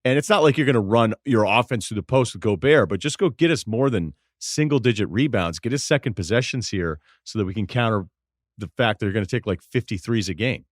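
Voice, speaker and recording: A male sports analyst chatting on a podcast, wry and analytical, with frequent laughs. His voice is somewhat low and recorded dry and close on a studio mic. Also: expressive, a little fast, no room sound. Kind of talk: casual sports talk.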